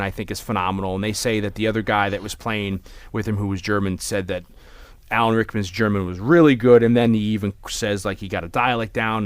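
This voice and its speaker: A man co-hosting a film podcast in casual chat. He rambles with animated energy and keeps restarting his sentences. He sits close to a dry mic in a dead room. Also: lowish voice, no echo. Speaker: podcast co-host. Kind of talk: casual movie discussion.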